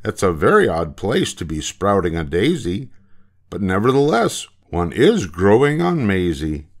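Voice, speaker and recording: An older man voicing a clever young schoolboy in a storybook reading, measured and matter-of-fact. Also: sits low, big pitch swings, exaggerated voice.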